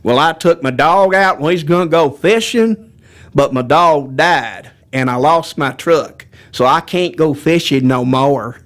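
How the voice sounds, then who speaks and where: A man voicing an old Southern redneck with a Georgia accent, in a slow drawl. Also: fairly high pitch, a bit bright, voice pushed down.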